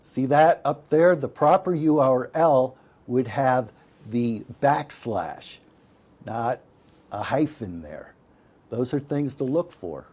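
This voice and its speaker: A digital literacy instructor explains how to stay safe online, speaking slowly in a husky, darkish, medium-pitched voice with lively intonation. He's folksy and emphatic, regularly calling his listeners "folks."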